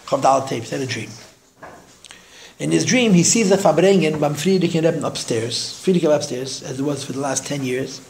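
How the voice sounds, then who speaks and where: A man teaching a class, telling a story in an animated way and raising his voice when he quotes people, often repeating words as he thinks. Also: on the high side, brisk, gravelly, a little hiss or hum. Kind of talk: storytelling lecture.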